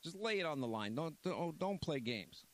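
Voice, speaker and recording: A man's voice: on the high side, sing-song, normal speed. A man hosting a talk radio show, rambling and blunt, reading an ad and chatting casually. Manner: rambling, blunt, repeats himself.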